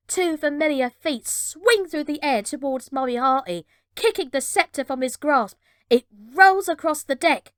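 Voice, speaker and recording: A woman reading a children's adventure storybook aloud with measured, dramatic narration. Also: sits high, no echo, studio quality.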